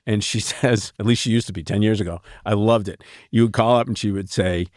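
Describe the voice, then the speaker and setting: A middle-aged man, talking as a writer guest in a relaxed, wry interview, laughing often as he tells stories. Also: on the low side, fairly quick, few pauses, dry recording, studio quality. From Boston. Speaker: novelist and screenwriter guest.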